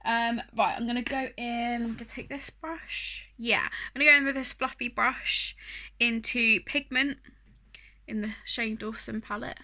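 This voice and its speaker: A chatty woman talks her way through a makeup tutorial, wandering off-track and poking fun at herself. Her voice sits a little high and rings bright and forward. She fills her pauses with easy "um"s. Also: fairly even intonation. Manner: chatty, self-deprecating, rambling with fillers. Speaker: beauty vlogger. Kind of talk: casual makeup tutorial chat.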